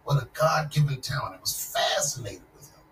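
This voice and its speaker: Performing a stand-up set in a big venue, a man in his forties spins loose, profane stories toward punchlines. He speaks briskly in an expressive, medium-pitched, slightly bright voice, recorded from afar with echo and crowd noise.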